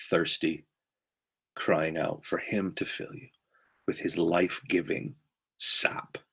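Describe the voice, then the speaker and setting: A man's voice: sits low, breathy edge, highs cut off. Emphatic man teaching scripture. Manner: emphatic, repeats key words. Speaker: course teacher. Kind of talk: teaching a church course.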